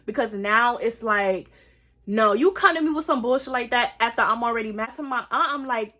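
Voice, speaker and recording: A woman's voice: a little high, normal speed, bright, forceful tone. A young woman animatedly retelling a night out, acting out quotes and swearing freely. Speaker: vlogger telling a story. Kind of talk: animated storytime.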